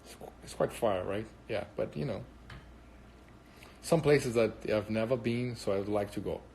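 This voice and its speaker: A man's voice: on the low side, moderate pace, creaky, darkish tone, slight background noise. A man from Brazil with a Brazilian Portuguese accent, chatting casually and answering viewer comments on a livestream, rambling and switching languages. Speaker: livestream host answering chat. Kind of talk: casual chat.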